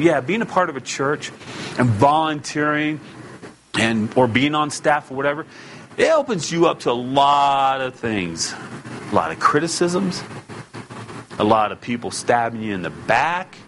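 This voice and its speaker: A man preaching a sermon in a casual, emphatic way, building up to loud calls to his listeners. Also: on the high side, a little hiss or hum. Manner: emphatic and conversational, rising to loud exhortation.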